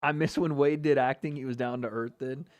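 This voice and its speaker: A man's voice: mid-range voice, steady tone, fairly quick, lo-fi sound. A man hosting a casual livestream watch party, reading chat comments aloud and joking and trash-talking with lots of laughter. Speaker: livestream host.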